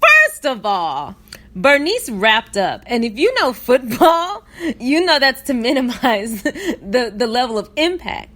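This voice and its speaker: A woman hosting a podcast, retelling a funny video in an animated way and breaking into laughter. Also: on the high side, slow. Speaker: podcast host. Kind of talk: comedic story recap.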